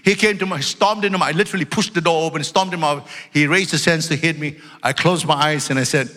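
High, bright-voiced preaching man. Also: steady tone, fast talker. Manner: emphatic, loud, swings between shouting and low storytelling asides. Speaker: pastor. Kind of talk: preaching a sermon. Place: church sanctuary. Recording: long reverb of a large hall.

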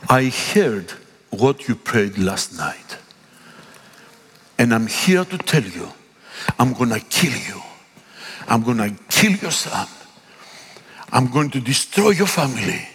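A man's voice: medium pitch, big pitch swings, takes it slowly, pauses often, a bit bright, slightly rough, voice pushed down, heavily acted. A man quoting a menacing cursing woman.

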